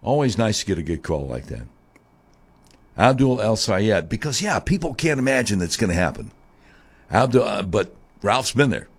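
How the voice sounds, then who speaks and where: A man hosting talk radio, delivering a monologue that swings from a low grumble to high mocking tones. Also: very animated, moderate pace, slightly rough.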